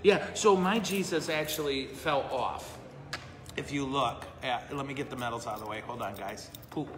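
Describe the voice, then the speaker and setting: A man's voice: mid-range voice, normal speed, noisy background. A man, a priest, chatting casually and answering questions live, self-deprecating and laughing often. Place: brewery. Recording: echoey room with long reverb.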